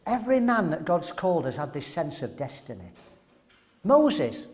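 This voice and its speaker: High-voiced emphatic older male preacher. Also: very animated, normal speed. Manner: emphatic, rhetorical questions, acts out voices. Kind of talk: sermon.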